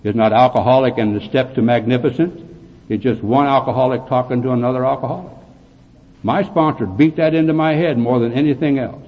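A man speaking at a recovery meeting, telling his story bluntly with gruff, dark humor. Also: mid-range voice, brisk, in a large hall. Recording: tinny phone-like recording with faint hiss.

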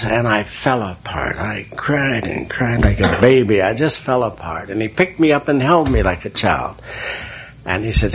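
A man's voice: medium pitch, moderate pace, husky. A man, a priest, giving an emotional personal testimony about his recovery. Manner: emotional, animated storyteller.

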